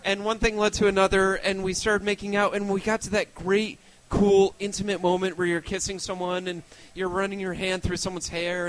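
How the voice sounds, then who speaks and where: A young man with a notably high voice performs stand-up, poking fun at himself. He rambles, restarts his sentences and fills the gaps with little hesitations. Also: rough recording. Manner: self-deprecating, rambling with restarts. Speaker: stand-up comedian. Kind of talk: stand-up set.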